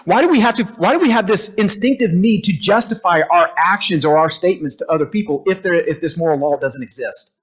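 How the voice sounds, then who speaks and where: Male teacher, fairly high husky voice, lively lecture style, dull lo-fi room recording. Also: brisk. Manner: animated, asks the room questions, acts out quotes. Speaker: teacher leading a group class. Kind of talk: conversational classroom lecture.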